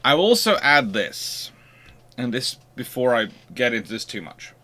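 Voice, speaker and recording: A man's voice: medium pitch, big pitch swings, moderate pace, bright, forceful tone. A man hosting a history channel, giving an unscripted lecture and posing rhetorical questions as he explains.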